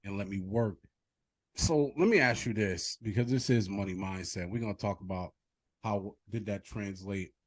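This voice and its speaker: A man hosting a casual interview, lively and playful, with slangy asides to his viewers. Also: lowish voice. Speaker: interview host.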